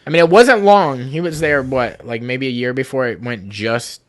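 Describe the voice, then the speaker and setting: A man's voice: medium pitch, moderate pace. A man hosting a podcast in casual chat, profane and opinionated. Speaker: podcast host.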